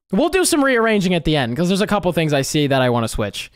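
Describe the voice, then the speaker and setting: A music producer giving casual, emphatic reaction commentary, excitable and given to repeating words and swearing. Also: mid-range voice, fast, few pauses, clean tone, dry recording, studio quality. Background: game chase music playing faintly.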